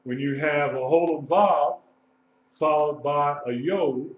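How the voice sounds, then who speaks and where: A man teaching a live-streamed lesson, slow and patient, repeating sounds and letters. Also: fairly high pitch. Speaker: Hebrew teacher. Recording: roomy, dull live-stream audio with faint noise.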